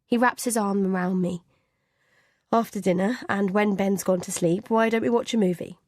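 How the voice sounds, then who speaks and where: Lady reading a suspense audiobook, even and measured, super dry close mic. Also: mid-range voice, no room sound. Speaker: audiobook narrator. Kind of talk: scripted narration of a first-person thriller.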